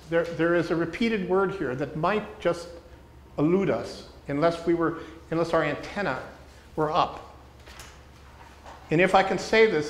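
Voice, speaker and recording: A man teaching a small group how to read scripture closely, speaking deliberately and repeating key words for emphasis while asking the room questions. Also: a little high, a little hiss or hum. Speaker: teacher leading a workshop for pastors. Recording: echoey room with faint ambience.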